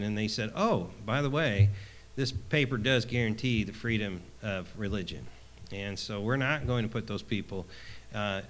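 A man's voice: medium pitch, fairly bright tone. A man preaching a conversational sermon, full of fillers and restarts, who calls out for an "Amen?" from his listeners. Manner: asks the congregation for an "Amen?".

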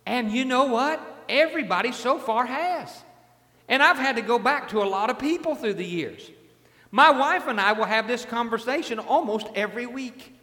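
A man's voice: very high-pitched, expressive, moderate pace, pushed and bright, big-room sound. A man preaching a sermon as a pastor, in a conversational way, often repeating his words and asking the congregation questions.

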